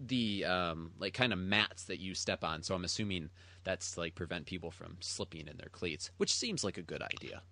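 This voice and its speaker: A man's voice: sits low, normal speed, bright, forceful tone. A man co-hosting a sports podcast, chatting casually and telling stories with enthusiasm and easy laughter. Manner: enthusiastic storyteller, laughs easily. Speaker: podcast co-host. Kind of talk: casual chat.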